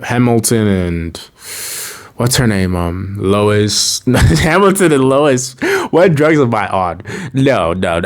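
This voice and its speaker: A man talking through a casual video review in a rambling, jokey way. His voice sits at an ordinary middle pitch. He keeps breaking into sudden high dramatic outbursts. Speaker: show reviewer.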